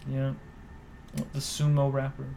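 A man's voice: medium pitch, completely flat delivery, unhurried, gravelly, dark tone. A young man with a drawl chats loosely on a podcast, joking and swearing freely. His voice sits in an ordinary middle range. A faint hiss runs under the recording. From Louisiana. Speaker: podcast co-host. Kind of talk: casual podcast chat.

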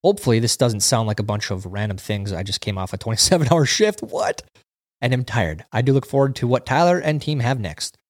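A man's voice: mid-range voice, expressive, a little fast, dry recording. Casual male stream host riffing on comments, mid voice, dry mic. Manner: chatty, reads viewer comments aloud and riffs on them. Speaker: livestream host reading chat. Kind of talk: casual chat.

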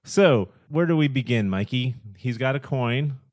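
A man co-hosting a podcast in casual chat, easygoing and quick to laugh. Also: medium pitch, darkish tone, no room sound. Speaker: podcast co-host.

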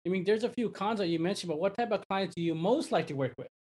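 A man with a somewhat high voice interviewing over a video call. He keeps his questions short and answers with quick affirmations, and the mic sounds a little distant. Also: a little mellow, husky. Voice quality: brief, affirming.

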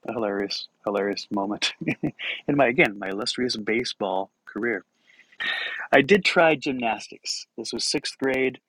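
A man's voice: mid-range voice, normal speed, fairly bright tone, breathy edge, no echo, poor audio. A middle-aged man hosting a podcast, telling self-mocking stories and laughing through them. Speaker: podcast host. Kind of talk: storytelling monologue.

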